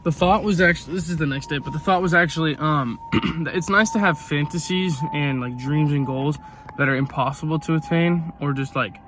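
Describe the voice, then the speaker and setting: A man's voice: fairly high pitch, brisk, background noise. Young male vlogger, rambling car-selfie chatter, constant filler words, phone-mic sound. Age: young adult. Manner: rambling, filler-heavy, frequent "like" and "um". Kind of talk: casual rambling vlog storytelling.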